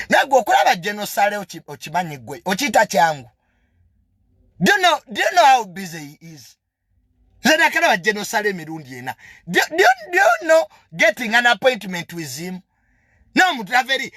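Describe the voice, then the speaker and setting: A young Ugandan man rants defiantly, his high voice leaping up and down with indignation. He sounds bright and sharp, switching languages mid-sentence, recorded close and dry with no room sound. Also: sing-song, fast talker, dry recording. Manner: mixes two languages. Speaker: media personality. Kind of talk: heated monologue.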